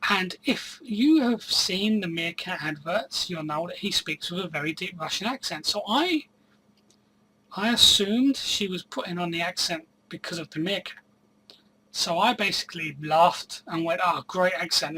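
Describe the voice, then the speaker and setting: A man's voice: sits high, animated, normal speed, bright, forceful tone, slight background noise, poor audio. A man talking casually to camera about his reselling year, chatty and hesitant with many ums and restarts. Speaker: reseller vlogger. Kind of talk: casual solo vlog storytelling.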